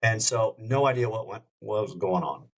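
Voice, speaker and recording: A man's voice: on the low side, lively intonation, normal speed. A middle-aged man, a radio host, telling anecdotes in a casual chat and wandering from one story to the next. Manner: rambling, jumps between anecdotes. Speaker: radio show host, podcast guest.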